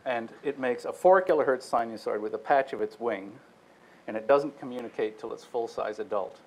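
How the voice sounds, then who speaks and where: A man's voice: medium pitch, brisk, rough recording. A man lecturing on a technical subject, explaining step by step and demonstrating vowel sounds with his own voice. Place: lecture room.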